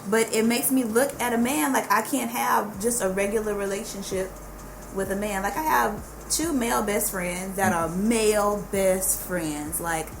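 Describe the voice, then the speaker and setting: Gravelly-voiced blunt Southern woman. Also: medium pitch, moderate pace. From Dallas. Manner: blunt, profane and emphatic. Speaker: guest. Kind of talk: casual podcast chat. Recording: noisy studio room.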